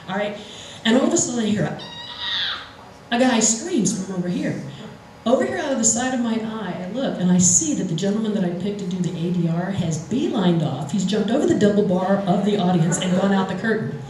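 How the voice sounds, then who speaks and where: A woman telling a story live at a storytelling event, animated and often laughing as she talks. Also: mid-range voice, slight background noise. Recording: very echoey room.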